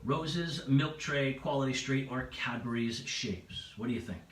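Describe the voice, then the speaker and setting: A man's voice: mid-range voice, measured pace, far from the mic, a little hiss or hum. A man hosting a livestreamed pub quiz from home, chatty and playful, reading out each set of options twice. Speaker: quiz host. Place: room at home. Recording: echoey room, away from the mic.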